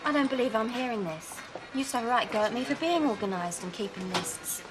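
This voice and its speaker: An actress playing a bustling, cheerful housewife in a 1980s TV soap, brisk and chatty. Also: female voice, a little high, lively intonation, lightly acted. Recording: pub crowd noise behind. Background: busy pub chatter.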